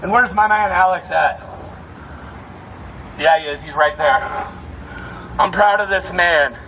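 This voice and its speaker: A man's voice: high-pitched, measured pace, pushed and bright. A man giving a heated, profane rallying speech as protest security, outdoors on a street at night. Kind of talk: fired-up street speech to a crowd. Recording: distant mic with street noise.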